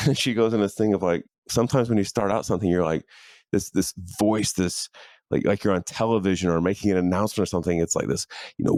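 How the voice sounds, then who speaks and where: A man's voice: fairly low pitch, fast, darkish tone, no echo, clean studio sound. A middle-aged man hosting his own leadership coaching podcast from a home office, talking in an earnest, conversational way with fillers and restarts. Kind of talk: casual motivational monologue. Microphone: studio microphone in a home office.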